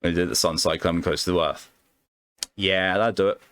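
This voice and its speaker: A man's voice: sits low, steady tone, normal speed, a bit bright, clean tone, no room sound. A man streaming live, reading stories aloud and chatting casually between them, with offhand swearing.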